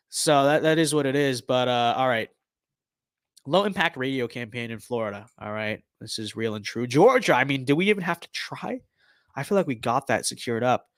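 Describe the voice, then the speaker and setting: A man's voice: fairly high pitch, a bit bright, dry recording, clean studio sound. A young man streaming a game, giving casual, playful commentary with mock-political banter while he thinks aloud.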